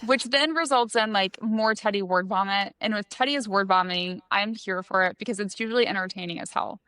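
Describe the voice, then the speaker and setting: A woman's voice: medium pitch, a little fast, sharp tone, clear, resonant tone, no room sound. Chatty woman discussing a book. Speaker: podcast co-host.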